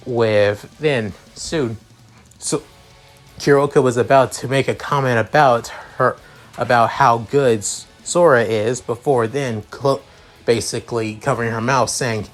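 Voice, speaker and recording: A man narrating a fan story off the cuff, halting and restarting as he goes, in a voice that sits mid-range. Soft music plays under him. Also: mid-range voice, fairly even intonation. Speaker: story reader.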